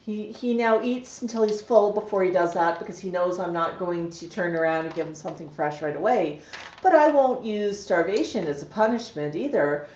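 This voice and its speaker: A woman's voice: lowish voice, moderate pace, darkish tone. A woman hosting a casual livestream from home, cooing to her pet parrots and chatting plainly to viewers. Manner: coos and baby-talks to her birds, then chats plainly. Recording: dull, roomy home recording.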